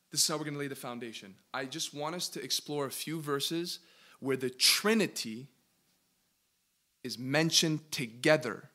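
Bright, emphatic male preacher. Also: on the high side. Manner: emphatic, questions the audience, slows to stress words. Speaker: pastor teaching a Bible study. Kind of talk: interactive sermon teaching.

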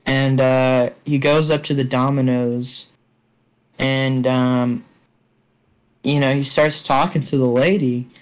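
A man's voice: medium pitch, little pitch movement, slow, clear, resonant tone. A young man telling a long story to friends over a call, rambling with lots of fillers and swearing. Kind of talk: casual chat. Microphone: online call.

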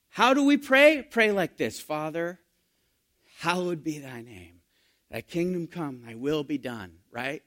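A male pastor preaching a sermon, asking his listeners questions and moving between hushed and emphatic delivery. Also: a little high. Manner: dynamic preaching, asks the congregation questions, swings from hushed to loud.

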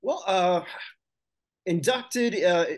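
A man co-hosting a casual podcast chat, reading out lists of names with quick asides. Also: sits high. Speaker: podcast co-host.

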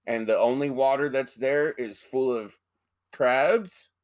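This is a man co-hosting a casual podcast, swearing freely as he argues his point with animated energy. His voice sits at a middle pitch for a man. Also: slow. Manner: profane, animated arguing. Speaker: podcast co-host.

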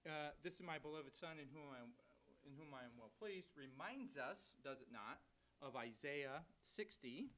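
A man's voice: on the high side, animated, normal speed, fairly bright tone, a little hiss or hum, poor audio. A man preaching as a guest speaker, teaching through a Bible passage and often restarting his phrases. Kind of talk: sermon.

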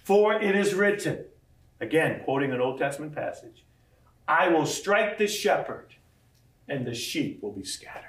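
A man preaching a sermon as pastor, animated, acting out scripture quotes and asking the room questions. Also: on the high side, normal speed. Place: large room with audience. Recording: echoey room from far off.

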